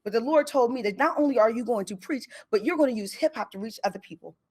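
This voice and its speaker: A woman's voice: fairly high pitch, expressive, quick pace, darkish tone, breathy edge. A woman voicing a stranger on a train who insists on delivering a firm prophecy. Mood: insistent.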